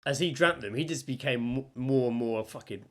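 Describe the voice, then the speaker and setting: A man's voice: mid-range voice, a little fast. A man co-hosting a podcast, telling a story in casual chat and acting out the people he quotes. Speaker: podcast co-host.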